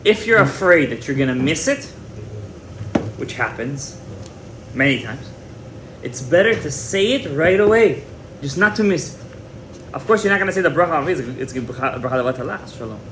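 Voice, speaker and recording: A man with a fairly high voice gives an animated, emphatic Torah class and drops in Hebrew terms as he goes. His words ring around a reverberant room. A faint ambient hum sits underneath. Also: normal speed, pauses often. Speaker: rabbi teaching a Torah class. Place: indoor room with a live audience.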